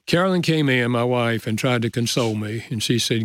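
An older man, a guest author, telling a personal story in an earnest, measured way in a casual conversation. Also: mid-range voice, fairly bright tone.

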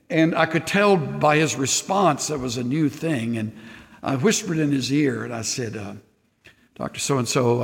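A man's voice: a little high, gravelly, in a large hall. Earnest older male pastor preaching. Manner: earnest and intimate, drops to near-whispers. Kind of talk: sermon.

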